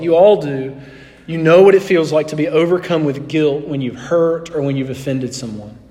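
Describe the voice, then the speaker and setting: Middle-aged guy preaching, tells a story animated then goes quiet, slightly high voice, echoey church. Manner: animated anecdote, acting out dialogue, drops to soft tones. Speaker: pastor. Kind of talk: sermon storytelling. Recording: long hall reverb.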